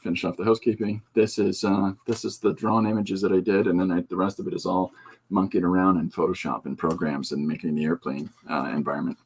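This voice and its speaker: A man's voice: deep voice, flat delivery, fast, a little hiss or hum. A man, a comic artist hosting his own show, chatting casually and rambling with jokes and asides as he shows his pages. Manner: rambling, joking, with many fillers and asides. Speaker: comic artist and podcast host. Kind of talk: casual rambling chat while showing artwork.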